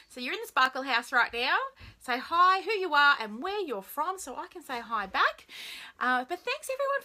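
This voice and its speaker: A woman's voice: high-pitched, sharp tone. An Australian woman hosting a live stream, chatting casually and greeting viewers by name in a bubbly way.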